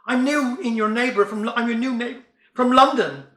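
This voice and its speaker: A man's voice: very high voice, fairly quick, pushed and bright, roomy sound. A man doing a polite, hesitant city newcomer.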